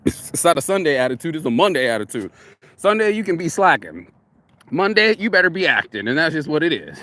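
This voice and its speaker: A man's voice: a little high, big pitch swings, a little fast, sharp tone. A man giving a casual, rambling motivational talk outdoors in a yard, swearing freely as he goes. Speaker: vlogger.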